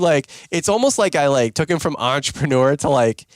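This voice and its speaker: A man hosting a podcast talks at a quick clip, spinning loose, rambling stories packed with "like" and "dude." He pokes fun at himself, and his pitch jumps whenever he quotes someone. The recording is close and dry, with no room sound. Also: animated, dry recording. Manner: filler-heavy, self-mocking, jumps into higher-pitched voices when quoting people. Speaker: podcast host. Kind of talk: casual rambling storytelling.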